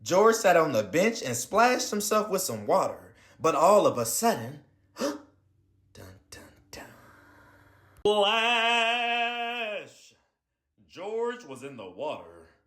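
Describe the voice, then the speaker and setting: A man narrating a children's picture book aloud. His reading is slow and expressive, with a pitch that bounces up and down. He tosses in playful slang asides between the sentences. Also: slightly rough.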